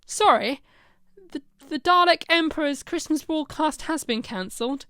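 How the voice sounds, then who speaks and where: A woman's voice: sits high, animated, moderate pace, sharp tone, no room sound, clean studio sound, voice pushed up. A woman voicing a cheerful time-travelling heroine with a Northern English accent, chatty and upbeat.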